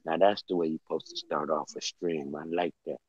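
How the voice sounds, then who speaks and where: A man chatting casually as a livestream guest, loose and excitable, talking off the cuff. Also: rumbling low, brisk, slightly rough. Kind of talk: casual chat. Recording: dull lo-fi sound.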